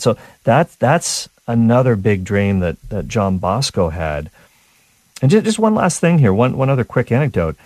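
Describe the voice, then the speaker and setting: A man hosting a talk radio show, telling stories in a casual, animated way with frequent restarts and small chuckles. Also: lowish voice, no echo. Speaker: radio host.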